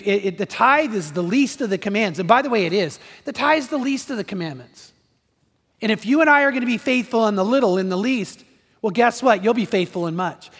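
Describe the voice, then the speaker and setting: His voice a bit bright and high-pitched, a pastor preaches earnestly and repeats himself, regularly addressing questions to the congregation. The sound carries through a big, echoing church hall that leaves a long tail.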